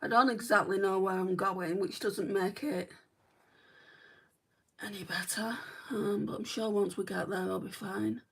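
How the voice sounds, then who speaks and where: A woman's voice: medium pitch, steady tone, moderate pace, gravelly, few pauses, breathy edge, recorded from a distance. A woman from northwest England with a northern English accent, chatting casually through a makeup livestream, rambling with lots of "right" and "like". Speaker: beauty vlogger. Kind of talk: casual livestream chat while doing makeup.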